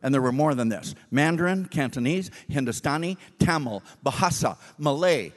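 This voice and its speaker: A male preacher telling a story in a sermon, animated and acting out the dialogue. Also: a little high, normal speed, big-room sound.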